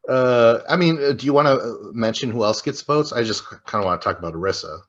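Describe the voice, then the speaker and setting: A man's voice: mid-range voice, lively intonation, fast, highs cut off. A man co-hosting a podcast, recapping a reality show episode in a casual, profane, rambling way and acting out quotes. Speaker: podcast co-host.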